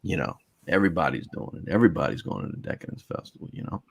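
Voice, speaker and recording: A man's voice: low-pitched, big pitch swings, very fast, gravelly, slightly rough, no room sound. A middle-aged man, a podcast guest telling rambling, profane stories over a video call and calling everyone bro. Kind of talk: casual storytelling chat.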